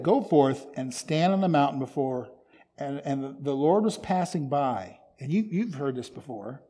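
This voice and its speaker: A man preaching a sermon, reading scripture aloud and commenting on it, swinging from loud emphatic stresses to soft whispers. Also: a little high. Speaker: pastor.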